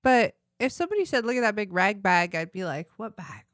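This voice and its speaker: A woman co-hosting a casual podcast, trading quick jokes and teasing banter. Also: mid-range voice, big pitch swings, no echo, studio quality. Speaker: podcast co-host. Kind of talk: casual chat.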